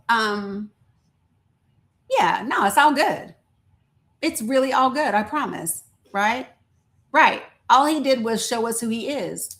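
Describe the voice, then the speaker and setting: A woman's voice: on the high side, a bit bright. Outspoken woman live-streaming. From rural American South. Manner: candid and outspoken, with folksy Southern sayings. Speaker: livestream host. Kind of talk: casual live-stream chat.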